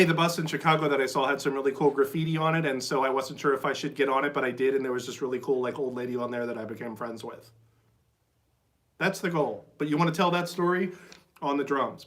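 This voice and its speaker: A man with a mid-range, slightly bright voice runs a casual live-streamed drum lesson from his drum shed, recorded on a phone. Chatty and enthusiastic, he keeps saying "like" and "right?" and scats the rhythms aloud with syllables.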